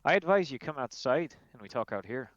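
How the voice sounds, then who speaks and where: A man's voice: mid-range voice, sing-song, a little fast, muffled recording, pitched above the performer's own voice, lightly acted. A man voicing a hardened male rogue in a tabletop game, giving clipped, stern threats. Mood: threatening.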